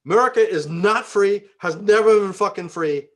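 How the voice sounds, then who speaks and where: A man's voice: high-pitched, moderate pace. Profane Belfast-accented man telling stories. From Northern Ireland. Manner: profane, acts out quoted dialogue. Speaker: interview guest. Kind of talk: conversational storytelling.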